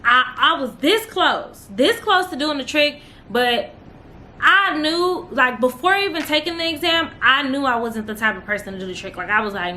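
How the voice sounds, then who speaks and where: A young woman talks straight to her viewers in a loose, emotional vlog chat. Her voice is bright and sits a little high. A faint hum of room noise runs underneath. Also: animated, fairly quick. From Texas. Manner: chatty, emotional, addresses viewers as y'all. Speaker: vlogger, newly licensed nurse. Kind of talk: casual chat to camera.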